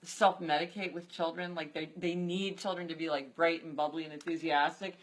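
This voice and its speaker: A woman's voice: deep voice, fairly even intonation, a little fast, low-quality recording. A woman hosting a casual chat, talking in a chatty way with many filler words. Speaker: host.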